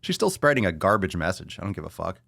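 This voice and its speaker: This podcast host has a low voice with lively intonation, a bit of brightness, and some vocal fry, and he talks fast. The recording is dry and studio quality. On his own, he rants bluntly and sarcastically, swears a lot, and repeats lines for emphasis before taking audience questions.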